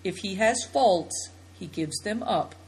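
A woman reading the part of a thoughtful young boy who speaks in a measured, firm way, in a storybook. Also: mid-range voice, expressive, a little mellow, breathy edge, exaggerated voice.

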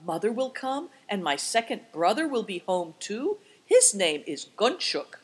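A woman's voice: mid-range voice, big pitch swings, measured pace, husky, voice pushed up. A woman reading aloud voices an earnest, ardent young nomad girl. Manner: ardent and heartfelt.

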